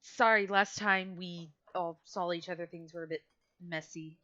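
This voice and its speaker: A woman voicing a shy, soft-spoken tiefling man. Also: fairly low pitch, fairly even intonation, moderate pace, dull audio. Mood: quiet concern. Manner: quiet, hesitant, stammering. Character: soft-spoken male red tiefling, polite and awkward.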